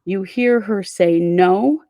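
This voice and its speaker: A woman's voice: medium pitch, a little slow, vocal fry, dark tone, no echo. A woman hosting a true crime show, casually walking her co-host through a case step by step. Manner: conversational, recounts events step by step.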